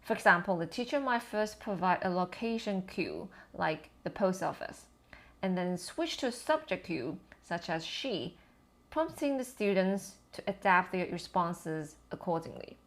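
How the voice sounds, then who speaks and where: A woman educator giving a scripted lesson on language teaching, with measured, explanatory delivery. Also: lowish voice, animated. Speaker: TESOL educator.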